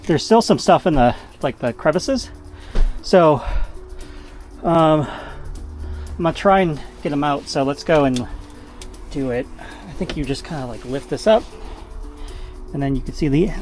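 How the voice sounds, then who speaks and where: A man casually narrating as he cleans, rambling with fillers and self-corrections, a bit out of breath, inside a camper van on a camera mic that he moves around. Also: fairly high pitch. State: slightly out of breath from working. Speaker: vlogger. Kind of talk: casual narration while working.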